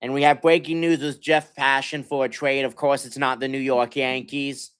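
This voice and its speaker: A hoarse young man ranting as a sports livestream host, stammering and sighing, swinging between muttered complaints and loud outbursts. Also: medium pitch, little pitch movement, moderate pace. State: hoarse from yelling. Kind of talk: frustrated fan rant on a livestream.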